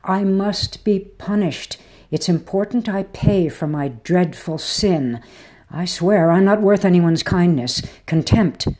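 A woman voicing a frail old man who pleads in a husky, dark whisper. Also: fairly low pitch, takes it slowly, pitched above the performer's own voice. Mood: pleading. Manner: pleading, insistent. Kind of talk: audiobook character reading.

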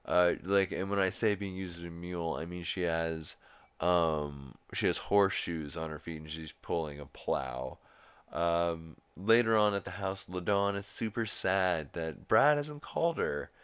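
A man's voice: deep voice, unhurried, fairly bright tone, clear, resonant tone. A man hosting a podcast, recapping a cartoon episode in a rambling, casual way with frequent swearing. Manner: rambling, swears often, quotes characters. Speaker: podcast host.

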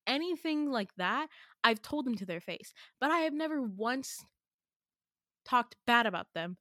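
A woman's voice: on the high side, expressive, a little slow, bright, forceful tone, no room sound, clean studio sound. A young adult woman hosting a podcast, telling a personal story in a chatty way, filling her sentences with "like" and stressing her points hard. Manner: chatty, heavy use of "like", emphatic and indignant. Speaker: podcast host. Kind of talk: casual storytelling.

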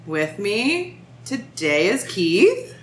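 A woman's voice: medium pitch, sing-song, extremely slow. A young woman hosting a casual podcast chat in a giggly, playful way. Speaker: podcast host. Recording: echoey room with faint background noise.

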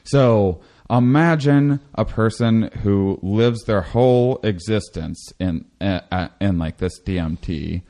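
A man talking casually in a rambling way, with many restarts, who acts out quotes in a high excited voice. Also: takes it slowly, hardly any pauses. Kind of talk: casual conversation.

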